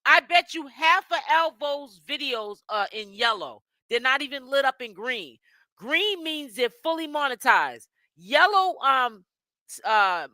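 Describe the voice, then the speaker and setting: A woman's voice: on the high side, bright, forceful tone, no room sound. A woman hosting gossip commentary, talking bluntly and critically as she explains and picks apart what others said. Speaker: commentary channel host.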